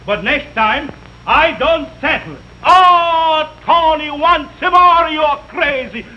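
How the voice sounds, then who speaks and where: An actor playing an excitable street fruit vendor in a 1930s film, sputtering complaints in broken English. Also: male voice, very high voice, takes it slowly. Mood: agitated. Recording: muffled early sound film.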